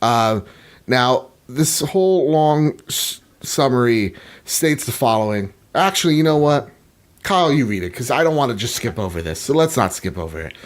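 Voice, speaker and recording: Lively, slangy podcast host. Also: male voice, medium pitch, moderate pace. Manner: excited, slangy, playful. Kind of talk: casual podcast chat.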